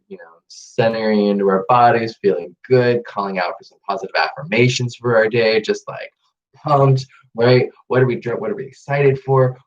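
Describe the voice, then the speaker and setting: A man hosting a casual live-streamed guided meditation, upbeat and chatty, laughing often. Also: fairly low pitch. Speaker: meditation host. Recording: dull lo-fi live-stream audio with faint noise.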